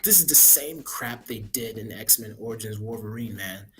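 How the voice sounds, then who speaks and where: A man's voice: fairly low pitch, normal speed, fairly bright tone. A man giving a casual, rambling spoiler review of a movie, blunt and opinionated, often tacking "man" onto his sentences.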